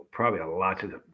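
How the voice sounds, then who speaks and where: Guy on a live stream all loopy from pepper heat, gasping wows, kinda dull lo-fi sound. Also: low-pitched. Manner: breathless, loopy exclamations while burning from hot pepper. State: burning mouth, hiccuping. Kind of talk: casual live-stream chat reading comments.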